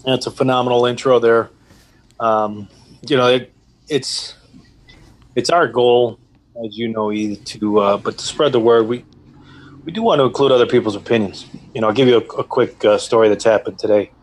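A man's voice: mid-range voice, moderate pace, low-quality recording. A man hosting a casual podcast, bantering easily and chuckling as he talks. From Chicago area, USA. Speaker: podcast host. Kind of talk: casual chat.

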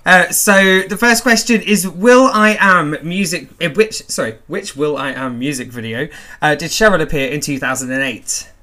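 A man hosting a chat and running a quiz, giggly and quick to laugh. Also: bright, forceful tone. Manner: giggly, quick laughs, wildly swinging pitch. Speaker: podcast host, quiz master. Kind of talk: casual chat.

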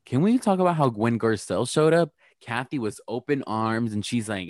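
A man's voice: mid-range voice, brisk, few pauses, no echo, studio quality. A man recapping a reality TV episode in a sassy, chatty way, swearing freely and acting out what people said. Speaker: podcast co-host. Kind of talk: casual reality TV recap chat.

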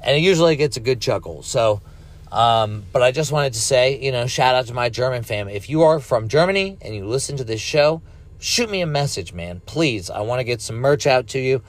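A man's voice: mid-range voice, expressive, fairly quick. A man in his thirties hosting a podcast alone, rambling casually and swearing freely. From United States. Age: 30s. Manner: rambling, profane, laid-back. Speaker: podcast host. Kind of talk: casual solo podcast monologue.

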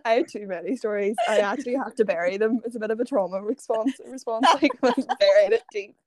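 A woman's voice: medium pitch, fast talker, a little mellow, dry recording. A young Irish woman in her twenties, a podcast guest telling a long casual story and laughing often. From Ireland. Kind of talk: casual chat.

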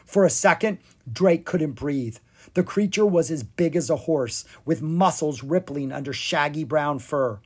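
Audiobook narrator, children's fantasy, dramatic, expressive, lively pitch. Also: unhurried, husky.

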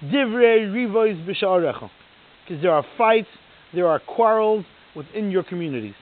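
A man's voice: high-pitched, expressive, moderate pace. A man giving a sermon as a Torah lecturer, telling a story and then pressing emphatic rhetorical questions. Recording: tinny phone-like recording.

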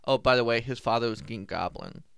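A man in casual chat about a movie, animated, often laughing and acting out lines. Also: mid-range voice, brisk, creaky, clean tone, dry recording, studio quality. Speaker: movie discussion co-host.

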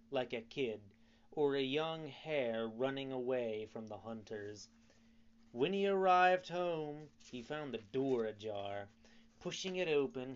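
A man narrating a storybook in an unhurried, measured reading. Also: mid-range voice, clean tone, muffled recording. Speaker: audiobook narrator.

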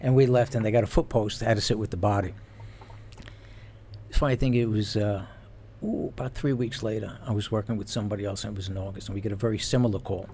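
Man, former cop, casual storytelling, animated, low pitch, faint noise. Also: fast talker. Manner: animated, laughs while telling. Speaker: retired police officer.

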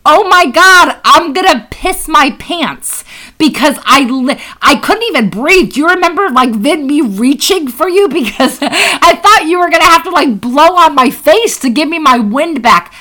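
Bright, high-voiced laughing woman. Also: moderate pace, few pauses, rough recording. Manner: animated storytelling, laughs often, swears freely. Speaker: podcast co-host. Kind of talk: casual chat.

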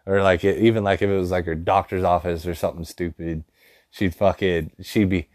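A man with a fairly low voice tells crude, rambling stories, swearing in nearly every line. He talks loosely and casually, and the recording is dry and close with no room echo. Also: lively intonation, fairly quick, darkish tone. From rural dairy farm upbringing. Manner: profane, rambling, laughs at own stories. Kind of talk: casual comedic storytelling.

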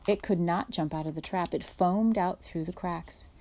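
A woman narrating a children's chapter book aloud in a gentle, unhurried way. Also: fairly low pitch, slight background noise. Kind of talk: storybook read-aloud.

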